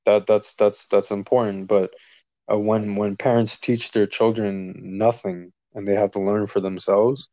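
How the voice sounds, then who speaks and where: In a dry recording, a man with a voice on the low side tells, unhurried, a story from his own life during casual talk. He's a lively guest who plays out the quoted dialogue in the voices of the people involved.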